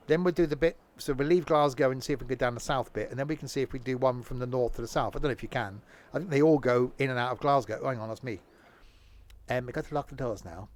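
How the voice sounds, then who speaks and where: A man giving live gameplay commentary as a streamer, rambling and joking to himself as he plays. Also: medium pitch. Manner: rambling, jokey talking to himself. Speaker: game streamer.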